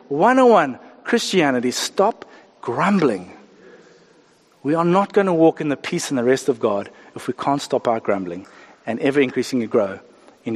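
A man preaching a sermon, animated, acting out the voices of the people he talks about. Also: on the high side, in a large hall. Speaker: pastor.

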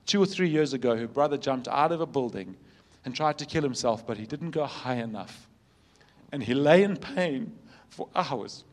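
A man, a pastor, preaching a sermon with earnest storytelling, emphatic repetition, and shifts between loud emphasis and soft, quiet passages. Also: mid-range voice, animated, normal speed.

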